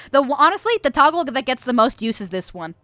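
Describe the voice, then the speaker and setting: A woman's voice: high-pitched, a bit bright, no echo. A young woman from Las Vegas chatting casually on a livestream as a VTuber, giggling often, swearing casually and reading viewer messages aloud. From Las Vegas, United States. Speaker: VTuber streamer. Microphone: close studio mic.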